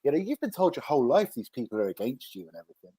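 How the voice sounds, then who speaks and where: A man chatting casually as a co-host or guest, relaxed, his phrases often trailing off softly. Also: mid-range voice, racing, husky, no echo. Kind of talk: casual live-stream chat.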